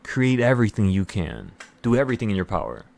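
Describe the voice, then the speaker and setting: Fairly low-pitched and gravelly, a man on a trading channel races through a quick, intense motivational ramble, brimming with excitement and repeated words.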